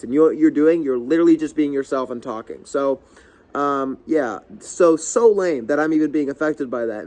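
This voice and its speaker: A man's voice: a little high, darkish tone. A young man ranting casually to camera as a vlogger, heated and rambling, swearing often and restarting his sentences.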